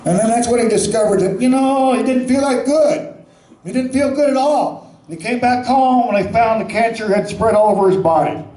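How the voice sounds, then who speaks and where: A man's voice: extremely high pitch, a little fast, warm tone, roomy sound, low-quality recording. A man giving a rambling, plainspoken eulogy full of folksy asides. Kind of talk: spoken eulogy.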